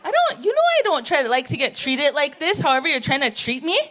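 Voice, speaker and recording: A woman's voice: high voice, big pitch swings, fast talker, a bit bright, a faint crowd. A woman on a theatre stage playing a brash, chain-smoking middle-aged auntie in a live comedy monologue, rambling, indignant and laughing at herself.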